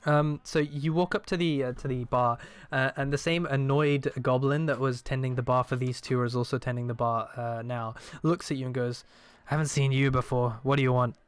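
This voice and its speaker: A man's voice: mid-range voice, normal speed, few pauses, clean tone, dry recording. Easygoing male game master. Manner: relaxed, with frequent fillers and restarts. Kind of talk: narrating a tabletop game.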